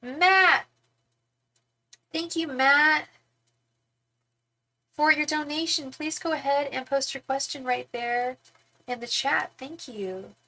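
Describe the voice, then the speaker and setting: Bright-voiced woman tarot streamer. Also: takes it slowly, long pauses. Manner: chatty, thanks donors, repeats questions to spirit guides in a low murmur. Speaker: tarot reader on a livestream. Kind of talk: casual livestream chat.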